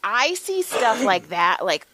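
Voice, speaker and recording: A middle-aged woman co-hosting a casual podcast, telling lively stories, acting out the quotes and swearing freely. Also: medium pitch, slow, noisy background. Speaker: podcast co-host, massage therapist. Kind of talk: casual chat, storytelling.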